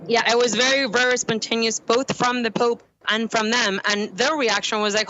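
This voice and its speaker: A woman journalist explaining events in a quick, reporting manner. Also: a little high, fairly even intonation, pushed and bright. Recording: dull phone-like line.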